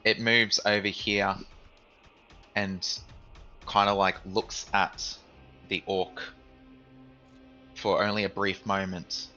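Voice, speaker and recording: A man's voice: low-pitched, flat delivery, slow, long pauses, sharp tone, muffled recording, faint music behind. A man narrating as dungeon master in a loose, casual way, with fillers and the odd swear. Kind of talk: narrating a tabletop game.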